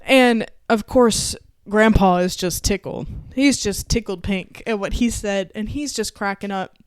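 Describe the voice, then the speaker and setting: A young woman from Texas co-hosts a podcast and tells family stories in a loose, chatty way, full of fillers and laughter. Her voice is smooth and clear, at a middle pitch. The sound is dry and close. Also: measured pace, dry recording. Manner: chatty storyteller, laughs often, lots of fillers. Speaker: podcast co-host. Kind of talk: casual chat.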